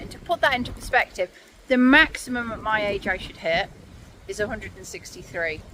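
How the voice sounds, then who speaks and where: Climbing a windy hill outdoors, a woman in her forties speaks to her phone camera as she walks, her voice on the high side. The vlogger is breathless but chatty and candid, with sighs and pauses between phrases. The outdoor phone mic picks up wind noise.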